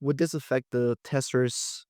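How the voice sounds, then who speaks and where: A man's voice: medium pitch, fairly even intonation, a little mellow, no room sound. A man whose first language is Portuguese hosts the podcast. He speaks with a stutter and halts often to restart his phrasing. The recording is dry and close. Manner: halting, many restarts and fillers. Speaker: podcast host. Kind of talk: casual interview chat.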